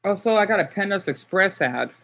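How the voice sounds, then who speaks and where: A young male livestream host chats straight to viewers in a casual live session, rambling and emotional and reading chat names aloud. His high voice is animated, a little fast, creaky, and sharp in tone.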